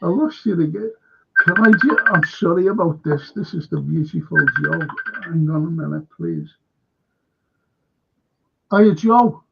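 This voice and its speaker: A man with a Liverpool accent hosts a live history stream, chatting in a loose, jokey way and getting a little flustered when the connection drops. His voice is gravelly and sits a touch high, heard through a slightly muffled home setup. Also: lively intonation, unhurried, long pauses, loud music behind the voice. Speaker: host of a live history show. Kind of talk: casual live-stream chat.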